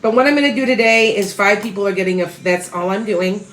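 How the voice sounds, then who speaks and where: A woman's voice: medium pitch, quick pace, a bit bright, reverberant, low-quality recording. A tired woman reading tarot, chatting casually and rambling on a livestream as she greets viewers by name. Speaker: tarot reader.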